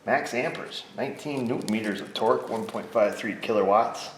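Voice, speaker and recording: A man's voice: fairly low pitch, brisk, background noise. A man working as a mechanic, rambling and joking to himself as he talks through a repair in his shop, sometimes dropping to a whisper up close. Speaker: auto mechanic. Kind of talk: casual work narration. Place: auto repair shop bay.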